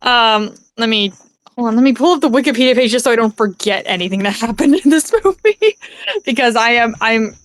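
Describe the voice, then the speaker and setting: A woman's voice: on the high side, lively intonation, a little fast, no room sound. Chatty, laughing woman streamer. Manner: rambling, laughing, lots of fillers and swearing. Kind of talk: casual movie chat on stream.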